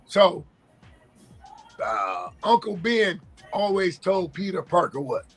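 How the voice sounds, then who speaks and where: A high-pitched, slightly rough-voiced man with big pitch swings co-hosts a sports talk show, faint music playing behind him. In casual sports chat he argues his points, pausing to think aloud.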